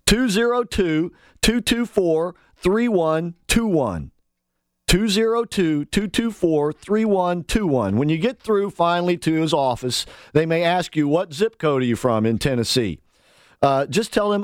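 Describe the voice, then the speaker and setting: A man's voice: fairly high pitch, lively intonation, measured pace, no room sound, studio quality. A man hosting a political talk radio show, delivering a fired-up, sarcastic monologue and calling on his listeners to act.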